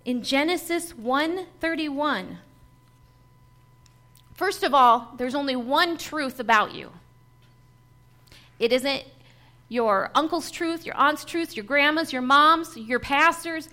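High-voiced woman preaching slowly. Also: bright, forceful tone. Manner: emphatic, rhythmic preaching with lists and repetition. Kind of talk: sermon.

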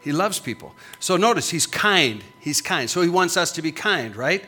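A man's voice: on the high side, big pitch swings, normal speed, pushed and bright. A middle-aged man preaching as a pastor, with emphatic, punchy repetitions that rise and fall. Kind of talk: sermon.

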